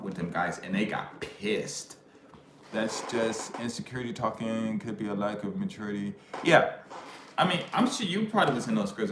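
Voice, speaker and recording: A man's voice: on the low side, fairly bright tone. A middle-aged man ranting casually to camera in loose slang, with sudden raised outbursts. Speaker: vlogger. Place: living in Japan. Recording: echoey room with faint ambient noise.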